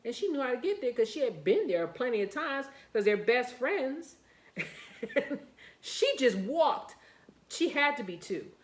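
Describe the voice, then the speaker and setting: Animated storytelling woman, echoey room. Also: high voice, unhurried. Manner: animated, repeats herself, many fillers and restarts. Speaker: channel host telling a story. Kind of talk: casual storytelling.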